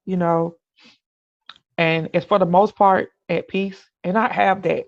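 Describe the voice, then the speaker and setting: Gravelly middle-aged podcast host. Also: mid-range voice, steady tone, measured pace, no echo. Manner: earnest, with restarts and "you know what I'm saying". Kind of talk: candid personal monologue. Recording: dull, dry lo-fi recording.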